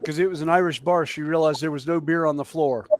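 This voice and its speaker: A man chatting casually on a livestream, telling jokes and stories with many pauses and fillers. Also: on the high side, steady tone.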